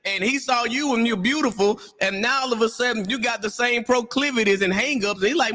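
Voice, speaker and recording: High bright-voiced guy on a panel, acts out all the quotes, big echoey room. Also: fairly quick, few pauses. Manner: animated storyteller, acts out quotes. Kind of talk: animated panel discussion.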